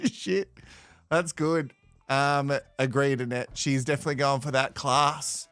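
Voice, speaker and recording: A man's voice: fairly high pitch, sing-song, slow, a bit bright, no echo. An Australian man hosting a live watch-along, sarcastic and swearing with bursts of laughter. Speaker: host reacting to a reality show.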